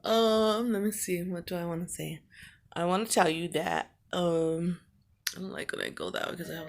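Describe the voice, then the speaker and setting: A woman's voice: on the low side, steady tone, normal speed, creaky, faint music behind. A middle-aged woman recording a personal video message to her absent son, talking in a rambling, heartfelt way with lots of fillers.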